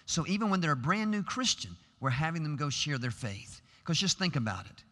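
A man's voice: on the high side, sing-song, a little fast, bright, forceful tone. A middle-aged man preaching a sermon in a large chapel, earnest and emphatic, building to rhetorical questions. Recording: long hall reverb.

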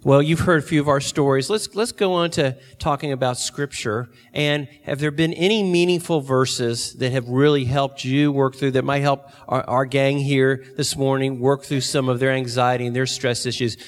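A man moderating a church panel, calm and encouraging, prompting guests with questions. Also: medium pitch, moderate pace, hardly any pauses, in a large hall.

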